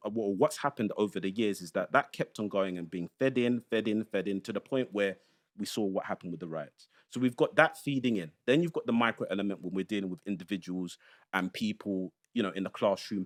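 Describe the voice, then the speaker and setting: A man's voice: fairly low pitch, a little fast. A man from London's East End, giving emphatic explanations in a panel discussion and building his points step by step. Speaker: panel guest, education commentator.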